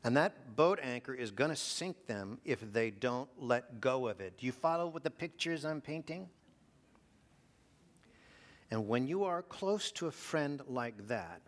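A man preaching a sermon, asking his congregation rhetorical questions and dropping to a hush for emphasis. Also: medium pitch. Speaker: pastor.

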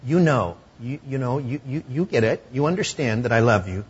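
Brief: male preacher, husky voice, conversational sermon delivery, muffled lo-fi recording. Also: medium pitch, lively intonation, normal speed. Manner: conversational, drops to hushed tones for emotional moments.

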